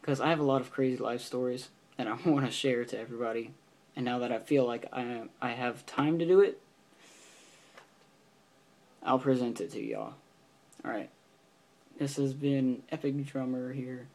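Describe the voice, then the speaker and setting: A man's voice: mid-range voice, normal speed, pauses often, darkish tone. A teenage boy telling a story in a casual vlog, rambling with lots of fillers and restarts. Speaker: vlogger.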